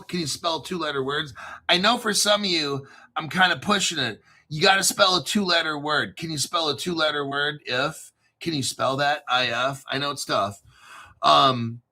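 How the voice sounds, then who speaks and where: Brash foul-mouthed man with a bright voice. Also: fairly high pitch. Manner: brash, sarcastic, swears a lot. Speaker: crypto channel host. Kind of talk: profane ranting monologue.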